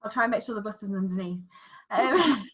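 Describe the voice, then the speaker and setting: A woman's voice: medium pitch, expressive, a little fast, husky, rough recording. A woman co-hosting a casual chat podcast, speaking steadily and agreeably as she sums up points. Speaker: podcast co-host.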